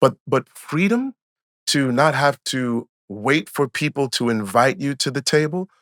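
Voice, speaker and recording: A man's voice: medium pitch, a little slow, dry recording, clean studio sound. A man in his forties co-hosting a casual chat podcast, telling stories and acting out what people said. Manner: animated storyteller, acts out quotes. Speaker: podcast co-host.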